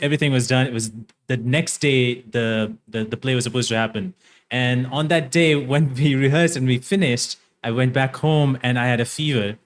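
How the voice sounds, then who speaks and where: Man, podcast host, easygoing, hesitant, lots of fillers, mid-pitched. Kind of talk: casual podcast interview.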